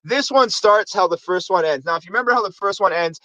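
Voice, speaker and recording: A man's voice: high voice, quick pace, pushed and bright, no echo, highs cut off. A man hosting a casual movie review show, rambling through plots and acting out lines from the films. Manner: rambling, acts out movie quotes. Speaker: host.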